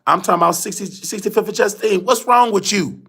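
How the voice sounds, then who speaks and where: A man's voice: fairly quick, creaky, fairly bright tone, husky, full character voice. A man voicing a confused elderly grandmother who insists and scolds. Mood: confused insistent. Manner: stubborn, scolding, high-pitched.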